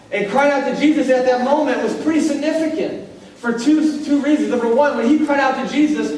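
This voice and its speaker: A man preaching a sermon as pastor, in a conversational way that slows down on key lines. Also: very high-pitched, a little hiss or hum. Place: church hall. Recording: echoey hall recorded from far off.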